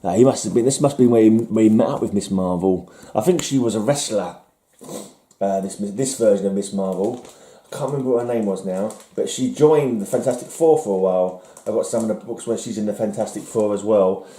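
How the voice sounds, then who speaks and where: This comic collector's voice is low and mellow, moving a little fast as he casually rambles over his haul in an echoey room. He wonders aloud, mocks himself and tends to trail off.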